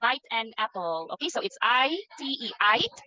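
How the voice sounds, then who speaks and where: Bright, high-pitched woman teaching phonics. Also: expressive, normal speed, highs cut off. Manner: patient, spells words out letter by letter and repeats them. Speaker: online English teacher. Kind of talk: phonics lesson with a young child.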